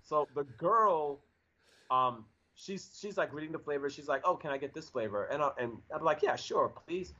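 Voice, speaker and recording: A man's voice: a little high, expressive, normal speed, sharp tone. A man in his forties telling a story in a casual chat, rambling with lots of fillers and restarts. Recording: dull lo-fi audio.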